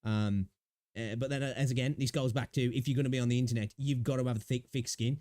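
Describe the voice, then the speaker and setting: A man's voice: medium pitch, steady tone, quick pace, warm tone, dry recording. A man streaming live, chatting casually in a rambling, sweary way on a close desk mic. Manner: rambling and sweary, many fillers.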